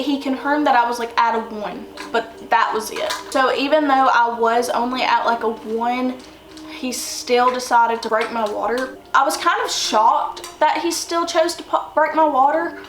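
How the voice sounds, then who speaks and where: A young woman telling a personal story in a chatty, rambling way, full of fillers. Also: fairly high pitch. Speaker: vlogger. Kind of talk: casual storytelling. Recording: roomy echo, distant from mic, faint noise.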